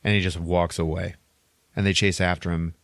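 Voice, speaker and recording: Low-voiced man rambling through a story. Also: moderate pace, no echo, studio quality. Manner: rambling, animated storytelling with sound effects. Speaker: podcast host. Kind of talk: casual movie plot recap.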